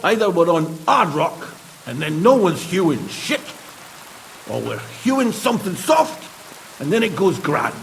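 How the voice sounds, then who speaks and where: A cheerful miner, easygoing and full of slang. His voice is high and lively, with much rise and fall. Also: unhurried, creaky, a little hiss or hum, heavily acted. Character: chatty, cheerful male miner, middle-aged.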